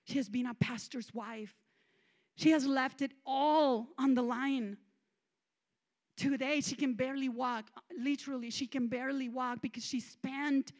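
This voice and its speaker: A woman minister preaching a sermon and telling a personal testimony, moving between hushed and loud. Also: high voice. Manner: emotional storytelling, swinging from hushed to loud. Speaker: guest minister.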